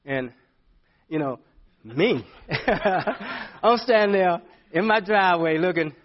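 A middle-aged male pastor preaching a sermon, telling a story with big swings from loud to hushed. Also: on the high side, a little slow, lo-fi sound.

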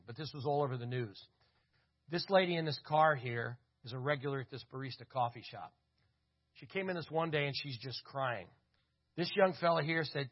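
A man's voice: medium pitch, breathy edge, highs cut off. A man speaking at a church conference, teaching through stories with lots of quoted back-and-forth dialogue and references to photos.

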